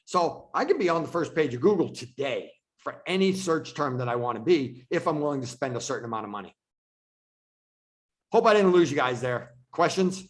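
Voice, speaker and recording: A man's voice: on the high side, expressive, moderate pace. Man teaching real estate on a call. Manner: casual, repeats himself for emphasis. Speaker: real estate team leader. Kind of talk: online training presentation. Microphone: video call.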